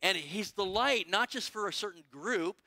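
Bright, dry-voiced male pastor. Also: sits high, expressive, normal speed, dry recording. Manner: conversational, emphatic with frequent restarts. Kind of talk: sermon. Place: church sanctuary.

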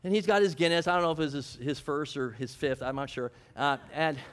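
High-voiced pastor preaching conversationally. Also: male voice, a little fast, smooth. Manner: asks rhetorical questions and answers them; storytelling, chuckling, self-deprecating. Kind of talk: conversational sermon.

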